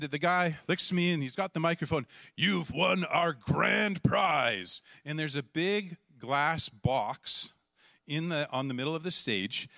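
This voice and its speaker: A middle-aged man from Canada, a pastor telling a lively story in a sermon and acting out the voices in it. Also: on the high side, dry recording, clean studio sound. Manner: animated, acts out voices and shouts in the story.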